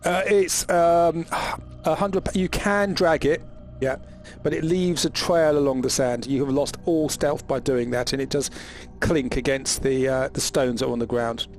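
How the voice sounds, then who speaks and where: A man narrating as game master, often halting with restarts and ums. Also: mid-range voice, fairly even intonation.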